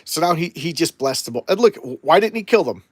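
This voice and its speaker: A man's voice: on the high side, very animated, a little fast, husky, no room sound. A man rambling through an opinionated casual review of an old comic book.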